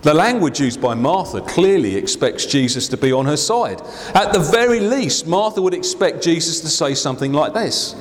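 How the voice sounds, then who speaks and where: A man preaches a sermon in a church, with a voice that rises and falls a great deal. He acts out the people he quotes. Long reverb hangs around his words. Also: normal speed. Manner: expressive, acts out quoted voices with big pitch swings. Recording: hall reverb.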